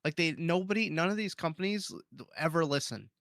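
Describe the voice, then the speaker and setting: A man on a podcast, talking in a casual, sarcastic way and laughing often. His voice sits a little high for a man, and the mic is close and dry with no room echo. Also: expressive, creaky, fairly bright tone. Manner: laughing, sarcastic, quick to agree. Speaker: podcast co-host.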